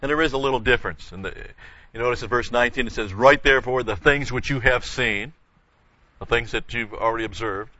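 A man's voice: mid-range voice, a little fast, bright, forceful tone, no room sound, lo-fi sound. An older man teaching a verse-by-verse Bible study, explaining carefully with frequent restarts and emphatic repetition.

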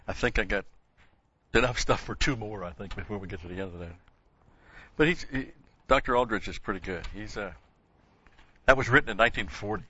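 Man leading a casual Bible class; low, bright delivery, digressive and folksy, dull lo-fi sound. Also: brisk, breathy edge. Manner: rambling, conversational, folksy asides. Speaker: Bible study teacher. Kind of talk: informal Bible class lecture.

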